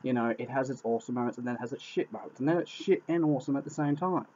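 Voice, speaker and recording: Captured on a dull lo-fi recording, a man gives a casual spoken film review in a rapid-fire, slightly mellow, medium-pitched voice. He sounds exasperated, swears a lot and keeps repeating himself.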